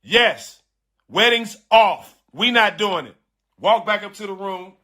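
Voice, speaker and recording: A middle-aged man telling a personal story in casual, slangy speech, animated and emphatic, often repeating his phrases. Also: high voice, measured pace. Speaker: storyteller on a live stream.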